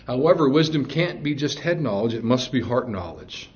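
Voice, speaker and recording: A man's voice: mid-range voice, sing-song, moderate pace, muffled recording. A man preaching a sermon in an earnest, emphatic way, with fillers and restarts.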